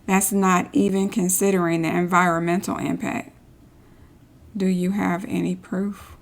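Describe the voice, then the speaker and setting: A woman's voice: fairly low pitch, flat delivery, a little slow, vocal fry. A woman streaming a story game, reading in-game social posts aloud and adding sarcastic asides. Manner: sarcastic asides between read-outs. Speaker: gameplay streamer.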